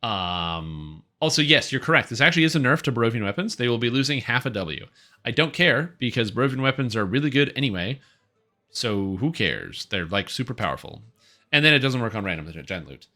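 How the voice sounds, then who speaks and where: Animated, bright-voiced male game streamer. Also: mid-range voice, a little fast. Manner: rambling, offhand and opinionated, with frequent fillers. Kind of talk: casual live-stream commentary.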